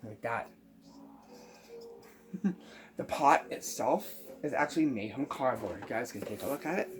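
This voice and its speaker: A man explaining how a magic prank is made, step by step, pausing often with ums. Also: mid-range voice, animated, soft background music. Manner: unhurried, halting with many ums, explaining step by step. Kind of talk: magic trick tutorial.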